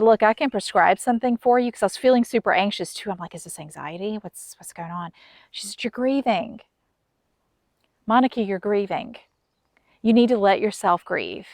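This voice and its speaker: A woman's voice: mid-range voice, no echo, clean studio sound. Candid woman talking to camera. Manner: candid, confessional, with soft laughs. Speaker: affair recovery coach and video host. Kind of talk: direct-to-camera personal talk.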